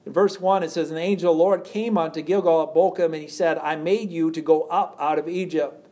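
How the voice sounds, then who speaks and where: Earnest preacher man, slightly high voice. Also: steady tone, fairly quick, dark tone. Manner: reads scripture aloud then explains it, with repeated rhetorical questions. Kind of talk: sermon.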